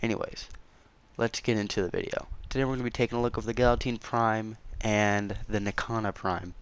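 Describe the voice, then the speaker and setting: A man's voice: lowish voice, fairly even intonation, fairly quick, smooth. A man hosting his small gaming channel, rambling casually and defensively, repeating himself and stuttering often. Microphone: console game capture.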